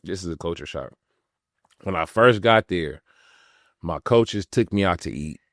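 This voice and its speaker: A young man from California, a podcast host and former pro athlete, telling stories in relaxed slangy talk with frequent laughs. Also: low voice, measured pace, no room sound, clean studio sound. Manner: laid-back slangy talk, laughs often. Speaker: podcast host, retired pro basketball player. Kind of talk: casual storytelling.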